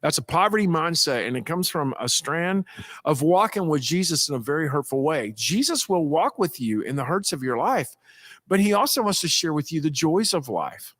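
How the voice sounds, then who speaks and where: Male pastor, casual storyteller, rambling and animated, highish voice, dry recording. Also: normal speed, dry recording. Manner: animated, acts out quoted people with a raised voice; folksy, rambling with restarts.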